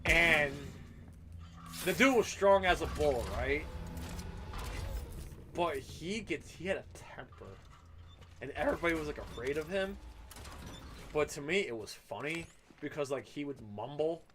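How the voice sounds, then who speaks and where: A man in his thirties hosting a gaming livestream, telling profane, animated stories with frequent laughter. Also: a little high, a little slow, long pauses, background noise. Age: 30s. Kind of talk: casual livestream chat and storytelling.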